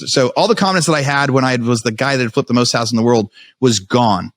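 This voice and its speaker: A man as a podcast guest, telling his story in a fast, animated way with many restarts. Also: medium pitch, no room sound. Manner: fast, animated retelling with frequent restarts and quoted self-talk.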